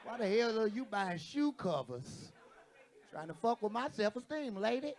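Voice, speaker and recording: A man's voice: high-pitched, sing-song, normal speed, a faint crowd. A man doing a stand-up set on a comedy stage, brash and profane, acting out the people in his stories. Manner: brash, profane, acts out quoted voices. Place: comedy stage with live audience.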